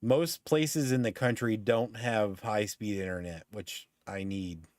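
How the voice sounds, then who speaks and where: A man's voice: on the low side, steady tone, a little slow, darkish tone, no echo. A middle-aged man telling a story in casual chat, swearing freely and ranting as he goes. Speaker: podcast host.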